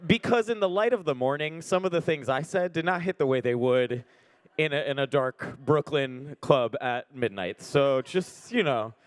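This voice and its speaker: A man hosts a comedy show, introducing comedians and making self-mocking jokes between acts. His slightly high voice swings widely up and down as he talks. The sound is close and dry. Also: lively intonation, normal speed, no room sound. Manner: self-mocking, joking, up-and-down delivery. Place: comedy venue on stage.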